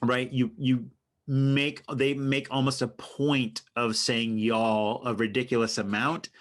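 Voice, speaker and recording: A man's voice: medium pitch, level tone, takes it slowly. A man co-hosting a casual comedic podcast chat, playful and mock-earnest, asking about slang. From not from New York. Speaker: podcast co-host.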